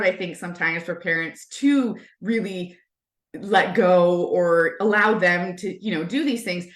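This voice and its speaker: A woman's voice: medium pitch, roomy sound. A woman who works as a teen coach, talking earnestly and enthusiastically as an interview guest. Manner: earnest, enthusiastic, uses "right?" often. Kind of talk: casual interview.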